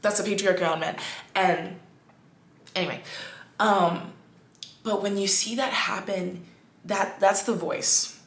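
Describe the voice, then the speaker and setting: A woman hosting a podcast, talking in a casual, animated monologue full of "like"s and restarts. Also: medium pitch, slow pace, long pauses, reverberant. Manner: animated, chatty, many "like"s and restarts. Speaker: podcast host.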